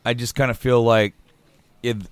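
Smooth-voiced man chatting casually. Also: mid-range voice, flat delivery, moderate pace, dry recording. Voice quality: swears casually, laughs often. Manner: rambling, many restarts. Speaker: podcast co-host. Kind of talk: casual chat.

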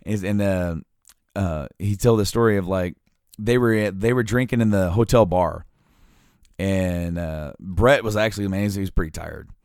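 A man with a lowish voice tells stories in a casual chat, halting and rambling with many fillers and restarts. The sound is dry and close to the mic. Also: a little mellow, smooth, no echo.

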